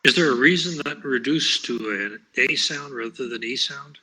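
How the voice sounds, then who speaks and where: A man's voice: mid-range voice, moderate pace, pushed and bright, slightly rough, low-quality recording. A man student in an online class, tentatively reading and asking questions. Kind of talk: answering in class.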